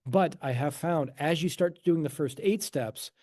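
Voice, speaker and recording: A man with a mellow, relaxed tone speaks to an online audience in a loose, conversational way. He circles back on himself and adds asides. The sound is close and dry, with no room around it. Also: on the high side, unhurried, no echo. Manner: loose and conversational, frequent restarts and asides, chuckles. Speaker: host and teacher of a letting-go method. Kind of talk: informal talk to an online audience.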